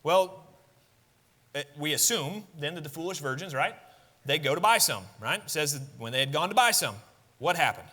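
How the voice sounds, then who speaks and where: A man's voice: a little high, animated, normal speed, pushed and bright, in a large hall. A man preaching a sermon, talking conversationally, asking the congregation questions and building to emphatic peaks. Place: church sanctuary.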